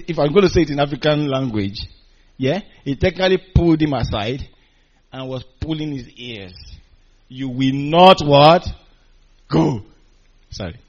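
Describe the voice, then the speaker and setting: A man preaching a sermon, animated and calling out to his congregation, chuckling between points. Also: medium pitch. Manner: animated, call-and-response with congregation. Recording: dull lo-fi recording.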